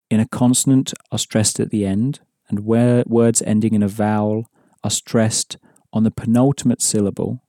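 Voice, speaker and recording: A man's voice: medium pitch, dark tone, no echo, studio quality. A man teaching an audio language lesson, patiently explaining rules and prompting the listener.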